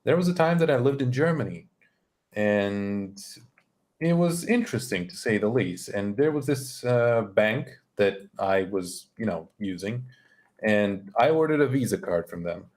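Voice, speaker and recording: A man's voice: on the low side, lively intonation, a little slow, a little mellow. A young man on a stream telling a story in a loose, casual way, swearing and sounding exasperated.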